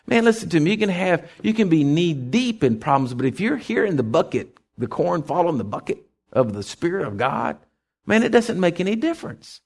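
Male pastor, middle-aged, folksy sermon delivery, slightly high voice, very lively pitch. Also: moderate pace. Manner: folksy, conversational preaching with asides and questions to listeners.

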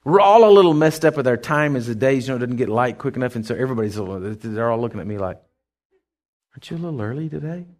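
A man's voice: medium pitch, racing, few pauses, darkish tone. A middle-aged male pastor preaching a sermon in a folksy, conversational way, with asides and questions to the congregation.

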